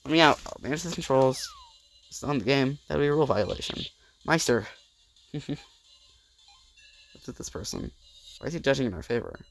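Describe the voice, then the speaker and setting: Male let's play host with a gravelly, creaky voice, reading game dialogue aloud with stammering dramatic reads. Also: mid-range voice, expressive, moderate pace, pauses often, soft background music.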